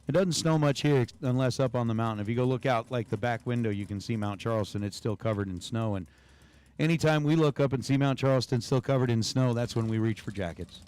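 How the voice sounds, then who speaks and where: A man's voice: medium pitch, fast talker, a little mellow, smooth. A man announcing drag races on a livestream, calling numbers and chatting with viewers between runs. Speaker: race announcer. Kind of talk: livestream race commentary with chat.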